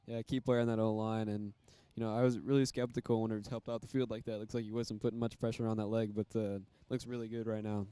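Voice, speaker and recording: A man commentating a school football game with a smooth, warm voice. He keeps his pitch fairly level and talks casually, leaning on fillers as he follows each play. The sound is dry and close. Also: little pitch movement, quick pace, few pauses, no echo.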